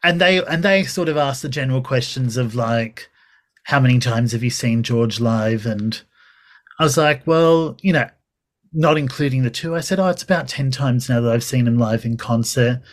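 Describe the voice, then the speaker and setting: A man chatting casually as a guest, his pitch in the middle range. He tells his stories animatedly, acting out the dialogue and laughing along the way. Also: moderate pace. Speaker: podcast guest. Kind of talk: casual chat.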